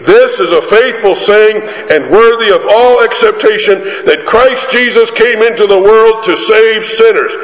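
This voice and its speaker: A fairly high-voiced man preaching in a large echoing hall, the sound a bit muffled. His delivery is animated, swinging from quiet storytelling to emphatic climbing peaks. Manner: animated, rising to emphatic peaks, drawn-out lines. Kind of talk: sermon with storytelling.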